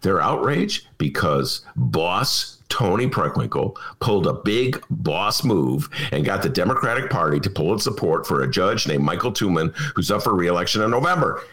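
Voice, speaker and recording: A low-voiced man, very animated and a bit bright, hosts a talk show from his home apartment at a normal speed with few pauses. His comic casual monologue is mock-outraged and theatrical, and he keeps breaking into laughter at his own jokes.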